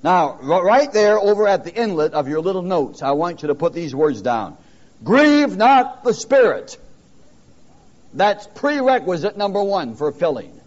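A man's voice: a little high, sing-song, normal speed, few pauses, darkish tone. A man preaching a sermon, calling out questions to his listeners and pressing his points with emphasis. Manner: emphatic, calls out questions to the congregation. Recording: dull lo-fi sermon recording.

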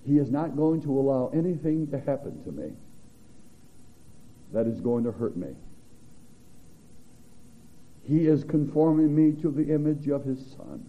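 A man preaching a sermon as a pastor, swinging from loud to hushed. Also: a little high, animated, moderate pace. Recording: tinny phone-like recording.

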